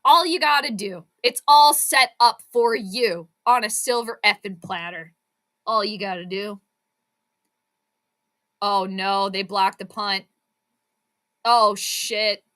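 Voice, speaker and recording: A woman hosting a live watch-along sports commentary, chatting with viewers and breaking into excited, frustrated outbursts. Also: medium pitch, takes it slowly. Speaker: fan channel host.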